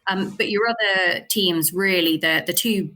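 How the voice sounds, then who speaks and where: A woman hosting a podcast panel, leading a casual chat in a brisk, organising way. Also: on the low side, bright, forceful tone. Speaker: podcast host.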